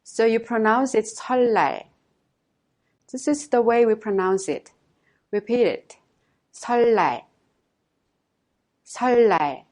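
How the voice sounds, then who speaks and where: A woman teaching a language lesson, giving dates and modelling each pronunciation slowly and carefully. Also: fairly high pitch, a little mellow.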